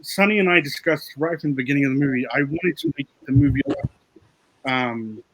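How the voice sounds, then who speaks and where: A man's voice: mid-range voice, animated, a little fast, a bit bright, a little hiss or hum, poor audio. A man, a film director, talking candidly and easily about making his film in a casual interview.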